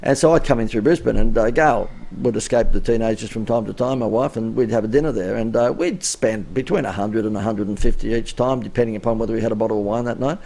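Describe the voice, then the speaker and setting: A man's voice: fairly low pitch, quick pace, creaky, few pauses, mellow. A middle-aged Australian man, a business coach on a live stream, tells anecdotes and keeps asking cheeky rhetorical questions.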